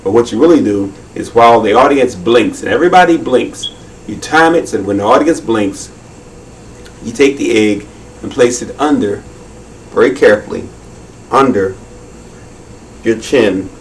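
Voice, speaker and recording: A man's voice: mid-range voice, expressive, moderate pace, far from the mic, a little hiss or hum, rough recording. A man hosting a children's magic show, talking viewers through his tricks in a friendly, instructive way.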